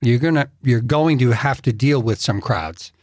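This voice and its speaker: Male co-host, easygoing wry humor, average pitch, dry studio sound. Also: moderate pace, darkish tone, dry recording. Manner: easygoing, wry quips, stammers at starts. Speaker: podcast co-host. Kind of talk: casual travel podcast chat.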